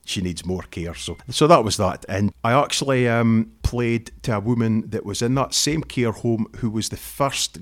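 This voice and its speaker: Chatty Scottish man with low voice. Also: normal speed, few pauses. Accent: northeast Scottish. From northeast Scotland. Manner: chatty, storytelling, often restarts phrases. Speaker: interviewed fiddler. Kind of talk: relaxed interview chat.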